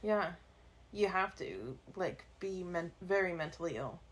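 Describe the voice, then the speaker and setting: A woman co-hosting a true-crime podcast, recounting cases in a relaxed, rambling way. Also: on the low side, measured pace. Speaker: podcast co-host. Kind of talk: casual storytelling chat.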